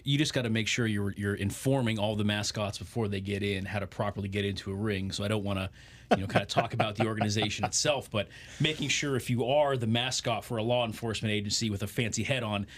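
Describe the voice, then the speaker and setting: A man in a casual podcast chat, brisk and wry. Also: fairly low pitch, steady tone.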